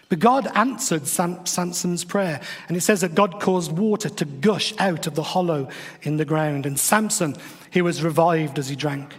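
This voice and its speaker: Guy retelling a bible story, higher voice, wry asides, echoey hall sound. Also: normal speed, breathy edge. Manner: chatty and wry, with playful asides. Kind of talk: casual devotional storytelling.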